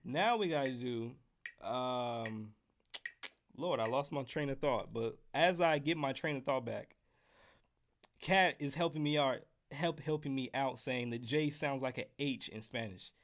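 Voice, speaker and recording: With a slight hum of background noise, a man speaks at a medium pitch and a somewhat slow pace. He's American, from the United States, running a live-streamed music lesson on trumpet scales while casually joking with his chat.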